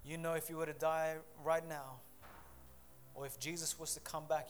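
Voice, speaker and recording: A man's voice: on the high side, little pitch movement, normal speed, soft background music. Impassioned man preaching a sermon. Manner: impassioned, building to loud emphatic peaks; softer, pleading invitation during altar call. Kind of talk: sermon with altar call. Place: church service.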